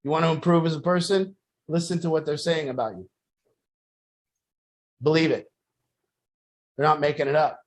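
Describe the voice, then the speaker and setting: A man's voice: a little high, normal speed, pauses often. A man speaking bluntly to a group, mixing tough advice with stories. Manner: blunt, profane, storytelling with acted quotes. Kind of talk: blunt motivational talk to a group.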